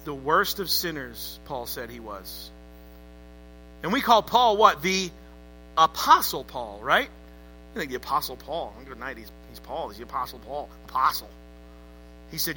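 A man's voice: medium pitch, sing-song, moderate pace, pauses often, bright, forceful tone, soft background music, rough recording. A man preaching a sermon to a congregation, emphatic and calling on them to answer back. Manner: emphatic, calls for congregation responses. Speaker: pastor.

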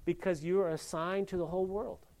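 A man preaching a sermon in a plain-spoken, folksy way. He swings between loud, emphatic rises and quiet, low asides. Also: steady tone, a little fast.

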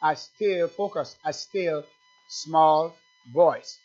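A man preaching a sermon, emphatic and fervent, swinging from loud bursts to low conversational asides and quizzing his congregation. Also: drawn-out words, soft background music. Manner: asks the congregation questions. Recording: dull lo-fi church recording.

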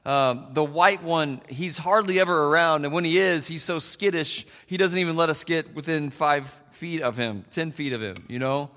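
A man's voice: on the high side, moderate pace, hardly any pauses, pushed and bright, big-room sound. A man preaching a folksy sermon as a pastor, telling stories with plenty of fillers. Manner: folksy storytelling with many fillers.

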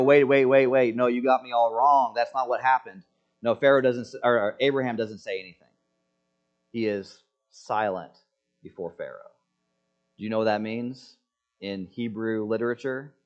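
Male preacher, mid-pitched voice, emphatic expository delivery, slightly dull recording. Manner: emphatic, rhetorical questions, swings from loud to hushed. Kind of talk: expository sermon.

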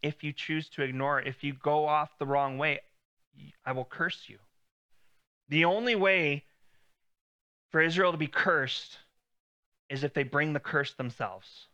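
A man's voice: fairly high pitch, fairly even intonation, unhurried, long pauses, bright, forceful tone, lo-fi sound. A man preaching a sermon in a conversational way, lifting his voice when he quotes God.

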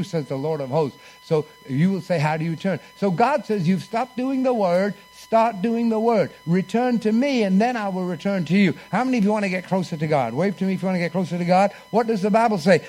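A high-pitched man preaching in church. He tells a story from the pulpit and has the congregation repeat phrases back to him. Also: a little mellow. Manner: storytelling with call-and-response. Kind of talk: sermon.

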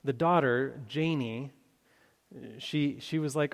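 A man's voice: medium pitch, unhurried, vocal fry. A man preaching a sermon, telling a story with many fillers and restarts before making his appeal. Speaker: pastor. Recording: long hall reverb.

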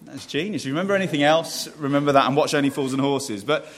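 A man's voice: medium pitch, quick pace, crowd noise. A man preaching a sermon in a conversational way, putting questions to the congregation and restarting phrases as he goes. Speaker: pastor.

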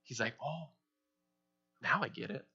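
A young man preaching a sermon as pastor, animated, acting out quoted prayers in playful voices. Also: mid-range voice, measured pace, slightly rough. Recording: dull lo-fi sound.

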